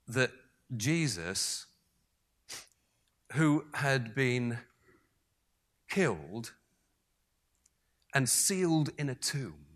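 A man preaching a sermon, moving between raised emphasis and hushed, almost whispered passages. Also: on the high side.

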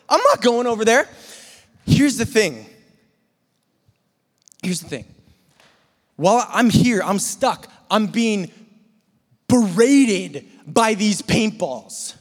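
Man, high voice, preaching, animated storyteller, long hall reverb. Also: a little slow, pauses often. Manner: animated storyteller, imitates paintball gunfire and shouts. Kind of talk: sermon with a personal story.

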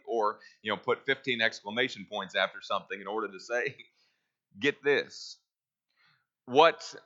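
A man's voice: lowish voice, bright, forceful tone, muffled recording. A man teaching a Bible class, reading verses aloud and asking his listeners questions that he then answers himself.

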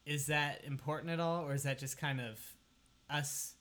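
A man's voice: on the high side, fairly even intonation, normal speed, a bit bright. A young man hosting a casual chat, hesitant and full of fillers as he asks questions.

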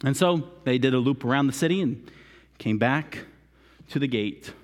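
A man preaching a sermon as a lively storyteller, acting out the characters and coaxing volunteers from the congregation. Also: medium pitch, moderate pace. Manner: animated, acts out characters, coaxes volunteers. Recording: long hall reverb.

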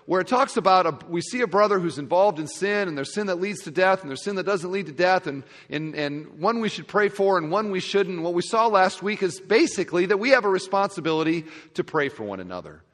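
A male pastor preaching a sermon to a congregation, expressive, dropping to quiet asides and rising to loud emphasis. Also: sits high, brisk, hardly any pauses. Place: large church sanctuary. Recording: long reverb of a large hall.

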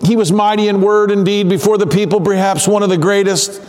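High-voiced preacher in a reverberant hall. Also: male voice, fairly even intonation, darkish tone. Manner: earnest, conversational preaching with sighs and pauses. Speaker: pastor. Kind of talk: sermon.

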